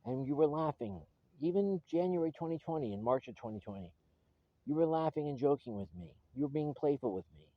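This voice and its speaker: A man's voice: on the high side, expressive, brisk, no echo, lo-fi sound. A man recording a personal video message to his estranged wife, earnest and pleading, often restarting his sentences.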